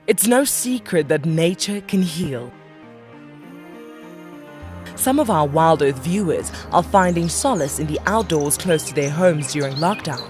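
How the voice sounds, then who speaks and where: A woman giving calm, measured scripted narration. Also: deep voice, faint music behind.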